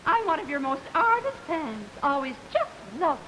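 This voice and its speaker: A bold, gushing older aunt in an old radio comedy, her voice high and swooping wildly up and down. She fusses and flutters, and the recording carries a steady hiss. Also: normal speed. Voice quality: lively, fluttery, effusive. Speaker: radio sitcom character. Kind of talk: 1950s radio comedy acting. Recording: hissy vintage radio recording.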